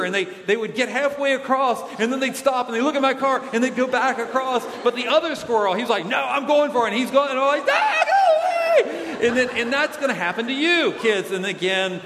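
A male pastor giving a playful, animated children's sermon with comic asides, in a church. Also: very high voice, background noise. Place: church sanctuary. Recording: echoey hall.

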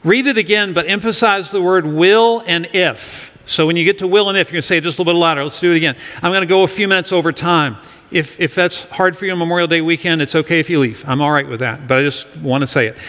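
A man's voice: on the high side, fast, fairly bright tone, long reverb tail. A middle-aged male pastor giving an earnest sermon to his congregation, leading them in reading a verse aloud. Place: church sanctuary.

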